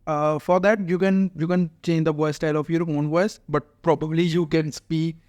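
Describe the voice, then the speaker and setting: A man hosting a casual software walkthrough, chatty and explaining step by step with many "uh" fillers. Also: on the high side, flat delivery, moderate pace, no room sound. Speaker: tech tutorial host.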